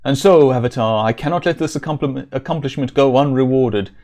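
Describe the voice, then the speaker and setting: A man's voice: mid-range voice, fairly quick, a little mellow, close to an everyday voice. A man voicing a solemn, grateful king from a video game, speaking in formal, archaic words. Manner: formal, archaic, stately delivery.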